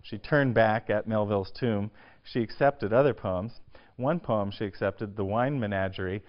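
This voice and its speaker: A man giving a university lecture on poetry, often hesitating with filler sounds, clearing his throat and restarting his sentences. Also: fairly low pitch, normal speed. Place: lecture hall. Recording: dull lo-fi lecture recording.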